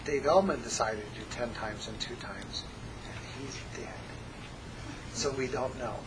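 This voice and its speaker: A man teaching a hypnosis class, jumping between a lively, joking lecture voice and soft, slow hypnotic demonstrations. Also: mid-range voice, noisy background. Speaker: hypnosis instructor. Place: classroom with students.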